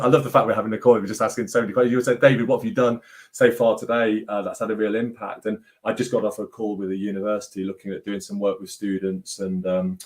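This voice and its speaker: A man hosting a casual video-call conversation, rambling and restarting his sentences. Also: fairly low pitch.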